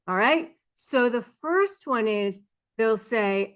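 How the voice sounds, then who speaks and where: A woman's voice: on the high side, animated, slow pace. A middle-aged woman giving earnest advice to camera as a coach, explaining behaviors and mimicking phrases people say. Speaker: narcissism negotiation coach.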